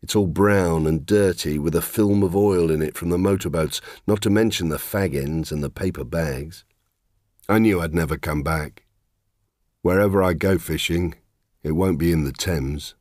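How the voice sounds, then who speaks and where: A man's voice: low-pitched, a little mellow, no room sound, studio quality. A middle-aged man narrating in the first person, wry, reflective and plain-spoken.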